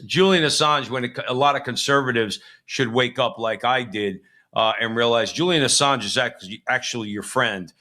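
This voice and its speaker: A middle-aged man with a bright, forward voice co-hosts a live political talk show. He rambles emphatically, often restarting his sentences as he pushes his point. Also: medium pitch, normal speed. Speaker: co-host.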